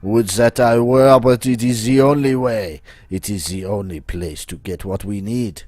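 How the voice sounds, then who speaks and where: A man's voice: fairly low pitch, a little slow, darkish tone, dry recording, faint music behind. A man voicing a grand, scheming male hacker with a put-on French accent, who talks about himself in the third person.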